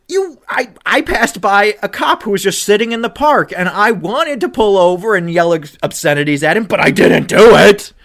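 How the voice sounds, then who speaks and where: A young man hosting a casual podcast, ranting with animated outbursts, swearing, and swinging between loud shouts and low muttering. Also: normal speed. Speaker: podcast co-host.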